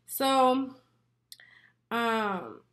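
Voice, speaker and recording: Bright-voiced woman telling a wild story. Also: a little high, extremely slow. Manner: animated and profane, laughing often. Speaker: beauty vlogger. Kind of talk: casual storytelling while doing makeup.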